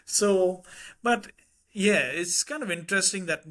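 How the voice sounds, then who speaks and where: Podcast guest: middle-aged man, Indian English accent, slightly high voice, lively anecdotal delivery. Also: a little slow. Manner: animated anecdotes with quoted voices and laughter. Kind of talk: casual conversational storytelling.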